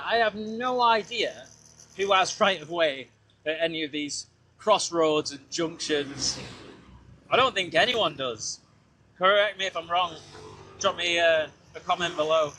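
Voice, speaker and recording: A man's voice: on the high side, bright, forceful tone, a little hiss or hum. A man chatting casually and rambling as he rides a scooter outdoors, talking into a small mic with a fluffy windshield. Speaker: podcast host. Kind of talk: casual vlog narration while riding. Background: road ambience.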